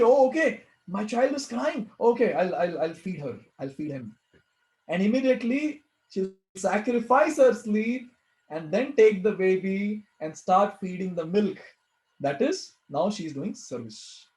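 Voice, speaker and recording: A man with an Indian accent and a fairly high voice gives a devotional Q&A talk as a spiritual teacher. He is earnest, repeats his key phrases and asks himself rhetorical questions. The sound is roomy and echoing. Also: darkish tone.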